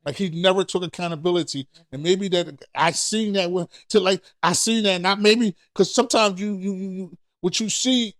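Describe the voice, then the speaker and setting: A man co-hosting a podcast in casual chat, telling blunt and candid stories that grow loud when he acts out arguments. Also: high-pitched, moderate pace, hardly any pauses. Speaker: podcast co-host.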